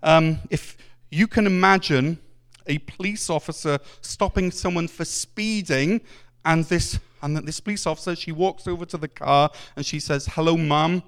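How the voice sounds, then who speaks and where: A man with a high, clear, smooth voice preaches a Sunday sermon in a church. He speaks earnestly and acts out the voices in his stories. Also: moderate pace.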